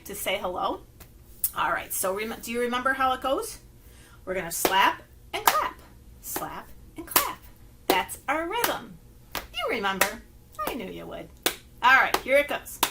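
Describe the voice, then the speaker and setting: A woman's voice: on the high side, sing-song, unhurried, long pauses, very noisy. A woman, a children's librarian leading story time from home, talking to young children in a sing-song way. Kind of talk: children's story time with rhymes and finger plays.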